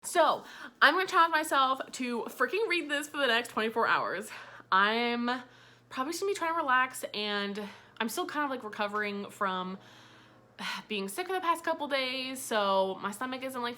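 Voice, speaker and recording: A young woman chatting casually to camera in a home room as a book vlogger, animated and swearing freely. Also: a little high.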